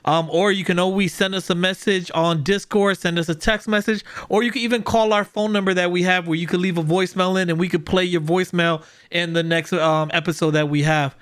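A man's voice: sits high, steady tone, fairly quick, few pauses, a bit bright, clear, resonant tone. A man hosting a casual podcast, upbeat and encouraging as he gives advice and signs off the episode. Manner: upbeat, encouraging, laughs along. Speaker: podcast host. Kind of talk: casual podcast chat and sign-off.

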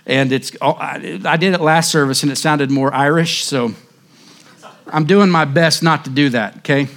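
A male pastor delivers a sermon with impassioned emphasis. His voice sits a little higher than most men's, and he leans hard into key phrases. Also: moderate pace, fairly bright tone.

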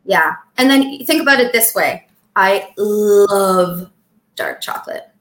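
A woman co-hosting a podcast in casual chat, talking in a chatty, expressive and jokey way and acting out dramatic lines. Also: mid-range voice, takes it slowly, roomy sound. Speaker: podcast co-host. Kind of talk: casual chat about weight loss.

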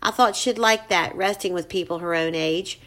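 A woman voicing a tired, grieving older mother who speaks in a low, sorrowful way. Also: normal speed, fairly bright tone, natural voice.

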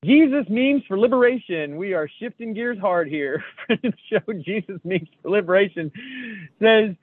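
Sitting high in pitch and speaking at a moderate pace, this animated man co-hosts a laid-back podcast, reading memes out loud. He cracks jokes at his own expense and curses often, over tinny, phone-like audio with no echo.

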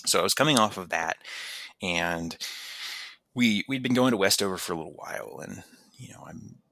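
A man in casual conversation telling a personal story, lively and animated, jumping into higher voices when he quotes people, with lots of false starts. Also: normal speed, no echo. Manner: animated, acts out quotes in raised voice, many restarts. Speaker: podcast guest telling his story.

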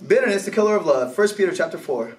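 A young man preaching a sermon in a church, animated and exclaiming, acting out conversations as he goes. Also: high-pitched, fast, soft background music. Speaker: pastor. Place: church room. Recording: echoey room, voice from a distance.

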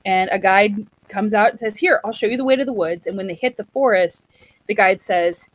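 A woman casually retelling a story in a chatty, animated way, acting out what the characters say. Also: mid-range voice, fairly quick, no echo, rough recording. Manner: chatty, animated, acts out quotes.

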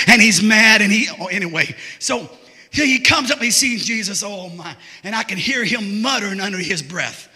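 A very high-pitched man preaches a sermon. His voice is piercingly bright, and his folksy, joking delivery keeps swelling into shouts. A long reverb from the church hall trails every phrase. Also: normal speed.

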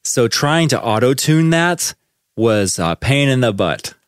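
A man's voice: mid-range voice, sing-song, a little slow, clean tone, no room sound. A man co-hosting a podcast from his own studio, chatting with enthusiasm about how tracks are put together. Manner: enthusiastic, chatty, uses fillers. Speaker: podcast co-host, studio owner. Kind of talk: casual chat about studio production.

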